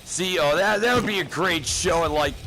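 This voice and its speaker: A man's voice: a little high, normal speed, over music, poor audio. A man doing a rambling, profane comedic rant full of fillers, as a gaming vlogger.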